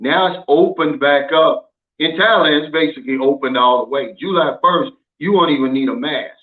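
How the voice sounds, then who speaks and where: A man's voice: on the high side, moderate pace. A man hosting a casual vlog, talking in a folksy, emphatic way and reading out viewer comments. He is from the United States and often drops "man" into his sentences. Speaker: channel host. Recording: narrow phone-like sound.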